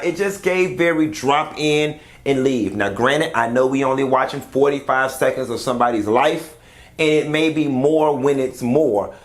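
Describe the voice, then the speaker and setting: A man from the United States talks casually and candidly straight to his audience. His voice sits at a middle pitch, and he reviews a reality show in a loose, unscripted way. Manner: chatty and candid, speaks straight to viewers. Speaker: YouTube commentator. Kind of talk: casual reaction commentary.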